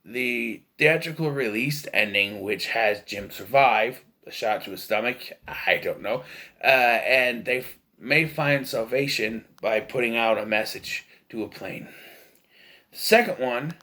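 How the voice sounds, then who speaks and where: A man's voice: mid-range voice, measured pace, sharp tone. A man giving a casual, rambling, opinionated film review, full of fillers and restarts. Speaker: movie reviewer.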